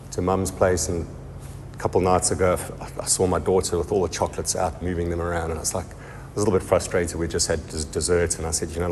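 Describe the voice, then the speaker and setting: A man telling his recovery story in a halting, heartfelt testimony full of pauses and restarts. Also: deep voice, a little mellow, in a large hall, slight background noise. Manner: halting, many ums and restarts. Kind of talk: personal testimony.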